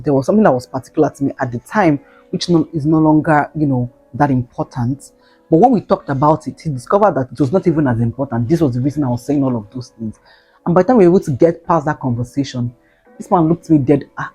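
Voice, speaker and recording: Animated woman in her twenties. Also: sits low, breathy edge. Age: 20s. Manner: animated, exclaiming, slangy asides to viewers. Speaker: vlogger. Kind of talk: casual storytelling. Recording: faint guitar music behind.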